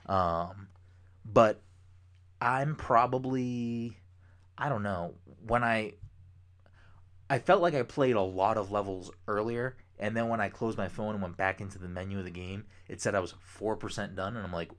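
A young man co-hosting a podcast, chatting casually, rambling with excitement and swearing freely. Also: fairly low pitch, moderate pace. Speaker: podcast co-host. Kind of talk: casual chat.

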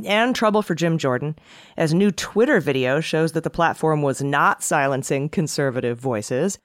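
A woman's voice: deep voice, moderate pace, smooth, no echo, clean studio sound. A woman co-hosting a political podcast, chatty and sarcastic, often laughing as she talks. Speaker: podcast co-host. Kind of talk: casual political podcast chat.

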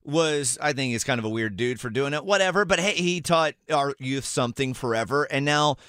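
A man hosting a morning radio show, chatting casually with jokes and quick asides. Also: medium pitch, lively intonation, a bit bright, clean tone, dry recording, studio quality.

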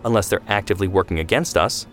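A man's voice: sits low, fast talker, fairly bright tone, faint music behind. A man reading the lines of a defiant twenty-year-old who answers sarcastically and defensively in an audio story. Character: hot-headed young man of twenty, defiant.

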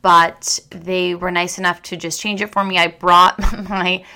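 A young woman hosts a podcast in a loose, rambling chat, breaking off and restarting her sentences and laughing at herself as she goes. Her voice sits a little low for a woman, yet it has a bright, forward edge. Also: little pitch movement, clear, resonant tone. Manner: chatty, rambling, self-deprecating, with restarts and quick laughs. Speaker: podcast host. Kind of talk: casual chat monologue.

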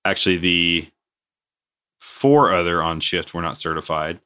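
A man's voice: low-pitched, unhurried, clean tone. A man co-hosting a casual podcast, telling a work story and acting out what people said. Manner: animated, acts out quoted dialogue. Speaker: podcast co-host.

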